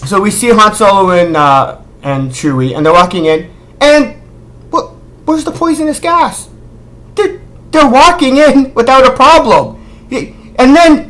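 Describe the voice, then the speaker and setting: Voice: medium pitch, bright, forceful tone. A film critic vlogger ranting casually, sarcastic and exasperated, firing rhetorical questions and scolding the director directly. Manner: rhetorical questions, repeated disbelief.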